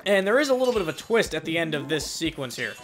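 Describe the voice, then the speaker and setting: A young man rambling excitably and self-deprecatingly through his commentary on a game. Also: a little high, fast talker, faint music behind. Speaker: let's play host. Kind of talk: casual gameplay commentary.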